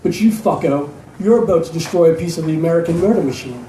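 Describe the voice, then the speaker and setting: A swaggering male hired gun with a Rhodesian accent, jovial and crude, as a reader puts him on. The voice sits high and warm, heard from a distance in an echoey room with faint ambience. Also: animated, quick pace, slight background noise, lightly acted. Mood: mocking. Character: gregarious cold-blooded male mercenary sniper.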